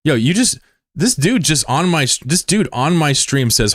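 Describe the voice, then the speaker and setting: A man in his thirties from the United States, chatting casually on a live stream with swearing and sudden high yelps of surprise. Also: very animated, normal speed, no echo, studio quality. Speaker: game streamer.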